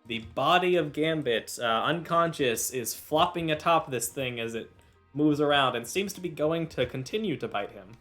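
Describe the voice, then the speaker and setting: A man's voice: on the high side, expressive, normal speed, a bit bright, soft background music. A man serving as game master, narrating combat and patiently explaining rules between filler uhs. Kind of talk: narrating and refereeing a tabletop game.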